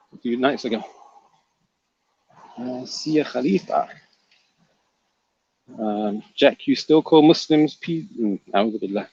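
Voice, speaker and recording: A man's voice: mid-range voice, gravelly, slightly rough, dry recording, highs cut off. A man hosting a livestream, reading viewer comments aloud and teasing the chatters. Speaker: livestream host reading chat. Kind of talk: casual livestream chat.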